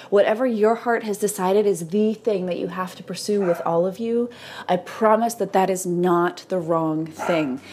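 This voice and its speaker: A woman's voice: medium pitch, darkish tone. A woman talking straight to her audience in a casual motivational monologue, telling a funny story and swearing now and then. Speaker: creator talking to entrepreneurs and artists.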